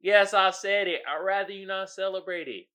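A man hosting a casual comedic commentary show, speaking, animated with loud outbursts and laughing asides. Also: high-pitched, normal speed. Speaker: podcast host.

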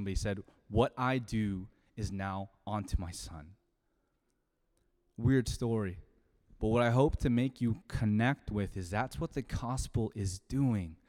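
A man in his thirties preaching a sermon, telling a personal story in a conversational way with sudden loud emphasis. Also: medium pitch. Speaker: pastor. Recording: long hall reverb.

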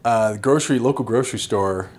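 A man's voice: medium pitch, brisk, crowd noise. A man co-hosting a podcast in casual chat, telling stories and acting out the people in them. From Utah. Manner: animated storyteller, acts out quotes. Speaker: podcast co-host.

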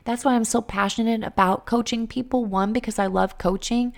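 A woman's voice: fairly high pitch, fairly even intonation, a little fast, vocal fry, darkish tone. A woman in her thirties, a coach, talks straight to her listeners in an earnest, emphatic, faith-based motivational monologue.

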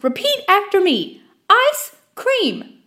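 A woman voicing a shrill, haughty woman customer who scolds and lectures condescendingly. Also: huge pitch swings, slow, pushed and bright, full character voice. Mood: indignant scolding.

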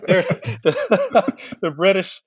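A man's voice: sits high, extremely slow, husky, no echo, muffled recording. A man in casual chat, animatedly telling a story and acting out what others said. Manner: animated storyteller, acts out quotes.

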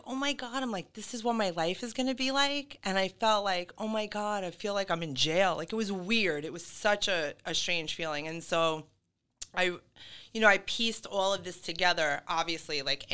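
Bright, clear-voiced chatty woman. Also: fairly low pitch, moderate pace. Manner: chatty, full of fillers and laughs. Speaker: guest. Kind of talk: casual podcast conversation.

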